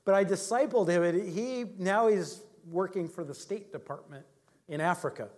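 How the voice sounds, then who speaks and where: Middle-aged male preacher, casual anecdotal delivery, voice sits a bit high. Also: normal speed, darkish tone. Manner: conversational storytelling, chuckles often. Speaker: pastor. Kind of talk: sermon with personal anecdotes.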